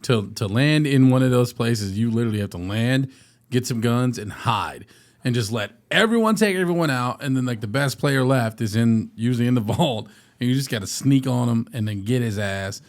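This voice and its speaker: A man in his thirties with a medium-pitched voice and moderate pace co-hosts a podcast. He's an animated storyteller in casual chat and laughs often.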